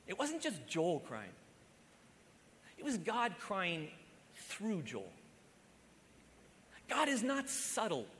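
A man preaching a sermon as pastor, impassioned and swinging between loud emphasis and hushed lines. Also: high voice. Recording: long hall reverb.

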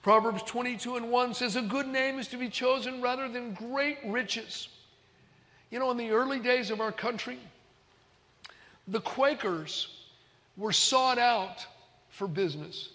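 A man's voice: high voice, bright, forceful tone, long reverb tail. A man preaching a sermon as a pastor, telling stories in an easygoing, conversational way in a large auditorium.

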